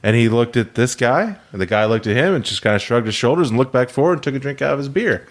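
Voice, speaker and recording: A man co-hosting a podcast, telling a story in casual chat, animated, swearing and laughing often. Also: medium pitch, fast. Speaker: podcast co-host.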